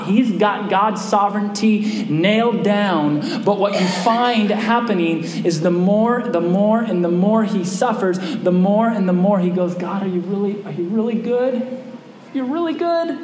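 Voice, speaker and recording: Animated male pastor in echoey hall. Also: high voice. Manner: animated, conversational preaching with questions to the congregation. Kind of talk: sermon. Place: church hall. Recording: roomy church hall echo, faint hum.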